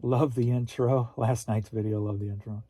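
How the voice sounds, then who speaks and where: A man's voice: medium pitch, fairly even intonation, moderate pace, mellow, no echo. A middle-aged man from Missouri hosting a casual livestream, rambling easily and reading viewer comments aloud. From Missouri, USA. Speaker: host.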